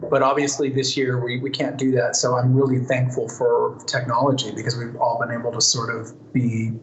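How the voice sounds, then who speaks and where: A man's voice: medium pitch, completely flat delivery, normal speed, a little hiss or hum. A man answering fan questions in a casual live Q&A, chatty and thoughtful, with plenty of fillers and restarts. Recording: roomy echo, faint ambience.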